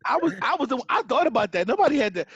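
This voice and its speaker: Podcast co-host, man in his thirties, high voice, lively storyteller, dry muffled recording. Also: very fast, breathy edge, dry recording. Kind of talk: casual storytelling chat.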